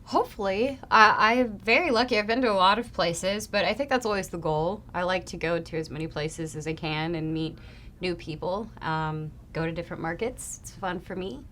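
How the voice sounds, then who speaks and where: A young adult woman answering fan questions in a casual, chatty way, often trailing off softly. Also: fairly low pitch, normal speed, slight background noise. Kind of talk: casual Q&A chat.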